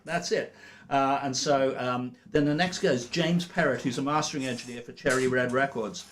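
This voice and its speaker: A man's voice: medium pitch, moderate pace, a bit bright. A man hosting a casual livestream from a studio, chatty and rambling in an upbeat way. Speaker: livestream host.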